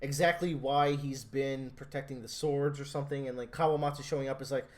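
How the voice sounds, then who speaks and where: A man co-hosting a podcast, chatting casually with animated opinions and frequent restarts. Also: mid-range voice, a little fast, few pauses. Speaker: podcast co-host. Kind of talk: casual chat.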